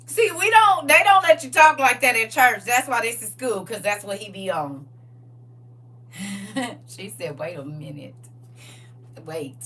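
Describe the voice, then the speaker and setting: A woman hosting a livestream, talking in a casual, preachy, comic way, animated, laughing and teasing. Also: a little high, measured pace, long pauses, far from the mic. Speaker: livestream host.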